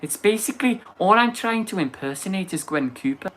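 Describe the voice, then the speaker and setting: A young man hosting a casual chat stream, talking fast and excitedly and bursting into loud shouted lines. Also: high voice. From England. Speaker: livestream host.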